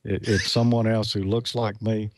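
A man co-hosting a ham radio show, signing off in a relaxed, plain-spoken way. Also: fairly low pitch, moderate pace. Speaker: co-host. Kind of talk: casual show sign-off.

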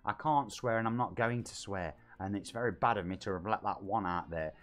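A man's voice: fairly low pitch, brisk, fairly bright tone. A man, chatting casually as a game streamer and reading his chat aloud. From Nottingham, England. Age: 40s.

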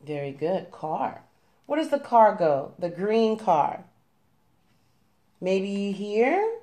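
Speaking in a warm, mid-range, sing-song voice at a slow pace, a young woman coaxes her toddler through colors and letters at home. She stays patient throughout and gives lots of praise in this gentle lesson.

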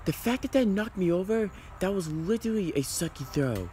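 Young man, comedy skit, bickering and whiny, slangy, lively swooping voice, fairly high. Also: a little fast, slight background noise. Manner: bickering, whiny, slangy banter with frequent fillers. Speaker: skit performer voicing several friends. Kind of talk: casual improvised comedy skit.

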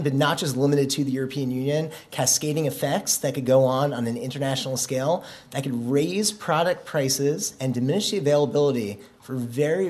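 A man's voice: medium pitch, darkish tone. A man giving a humorous, conversational policy speech at a conference, with self-deprecating jokes. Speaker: conference speaker, policy director. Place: conference venue.

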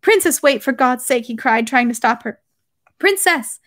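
A woman's voice: on the high side, normal speed, no echo, clean studio sound, natural voice. A woman reading aloud the lines of a proud, regretful young nobleman in a novel, in an earnest, slightly raised voice. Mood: pleading.

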